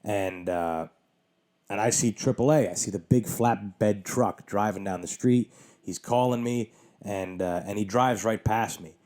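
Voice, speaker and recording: A man hosting his own podcast, telling a long story in a casual, animated way with lots of swearing and exasperation. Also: fairly low pitch, measured pace. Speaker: podcast host.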